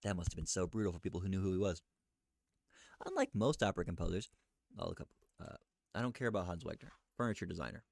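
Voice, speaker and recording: A man thinking aloud as he looks things up, questioning himself and reading search results aloud in a halting, muttering way. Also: low-pitched, big pitch swings, gravelly, darkish tone, no room sound, clean studio sound. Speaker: streamer researching live.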